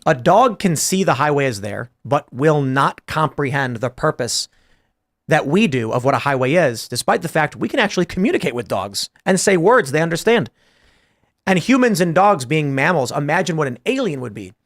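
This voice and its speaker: Male podcast host, casual and chatty, works through big ideas out loud. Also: fairly high pitch, sing-song, normal speed. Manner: storytelling, acting out both sides of a conversation; thinking aloud through abstract ideas. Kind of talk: casual panel talk.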